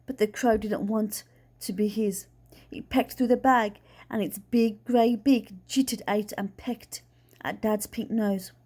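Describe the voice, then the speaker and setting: A woman reading a children's book aloud in a plain, steady storytelling way. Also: medium pitch, measured pace, husky. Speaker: reader.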